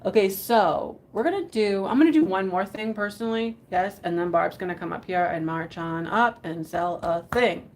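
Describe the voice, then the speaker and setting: A chatty woman hosts a live vintage sale. She rambles and giggles as she shows items, her voice at a middle pitch. Faint noise sits behind her. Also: normal speed, few pauses, a little mellow. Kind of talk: casual live selling chat.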